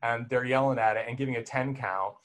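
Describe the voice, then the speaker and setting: A man's voice: mid-range voice, fairly even intonation. Rambling, laughing man in casual chat. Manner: rambling, self-interrupting, quick to laugh.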